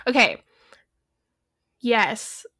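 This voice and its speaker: A woman's voice: fairly high pitch, sing-song, drawn-out words, sharp tone. A young woman co-hosting a casual movie review chat, rambling and swearing, with constant fillers. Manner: rambling, profane, heavy use of "like". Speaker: podcast co-host.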